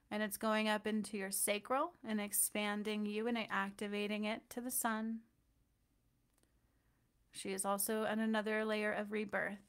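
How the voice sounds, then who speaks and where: A woman energy healer leading a guided healing meditation, talking softly and loosely with fillers and gentle check-ins. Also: medium pitch, clear, resonant tone.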